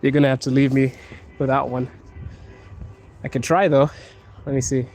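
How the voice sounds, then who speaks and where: A man's voice: mid-range voice, little pitch movement, moderate pace, a little mellow, soft background music. A young man from Africa livestreaming outdoors as he walks a cold city street, joking casually with viewers and laughing often. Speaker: livestreaming vlogger.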